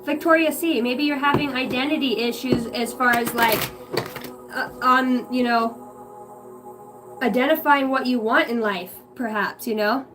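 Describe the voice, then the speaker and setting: A woman's voice: high-pitched, measured pace, far from the mic, over music. A woman giving a rambling, profane channeled reading to her viewers, free-associating and giggling at herself. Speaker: psychic reader on a livestream.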